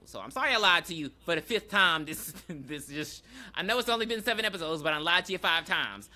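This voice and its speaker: A woman's voice: low-pitched, expressive, a little fast, bright, forceful tone. A woman co-hosting a podcast, recapping a TV episode in loose casual chat and acting out the characters' lines. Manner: loose storytelling, acting out characters with slang and laughs. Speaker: podcast co-host.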